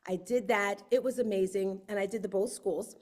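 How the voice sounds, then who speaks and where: A woman hosting her book launch on a livestream, telling lively stories and acting out quotes. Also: medium pitch, moderate pace. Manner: lively storyteller, acts out quotes. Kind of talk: casual livestream talk.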